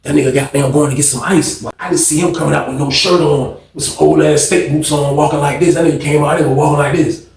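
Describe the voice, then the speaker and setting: Gravelly man telling a storytime tale. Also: on the high side, quick pace. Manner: animated, profane street storytelling. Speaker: channel host. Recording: echoey room.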